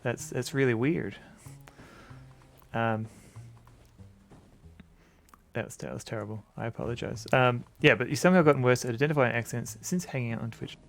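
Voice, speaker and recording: A man's voice: mid-range voice, moderate pace, gravelly, pauses often, soft background music. A man with an Australian accent chatting casually while streaming a game, rambling and self-deprecating.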